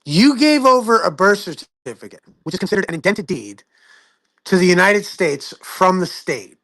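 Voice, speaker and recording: A man with a high-pitched voice leads a casual group discussion. He talks emphatically in quick bursts and swears freely. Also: sing-song, a bit bright.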